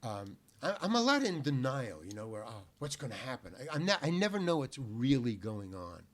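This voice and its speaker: An older man, a podcast guest, telling a long anecdote in an animated, profane, self-deprecating way. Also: medium pitch, normal speed. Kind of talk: anecdotal storytelling in a podcast interview.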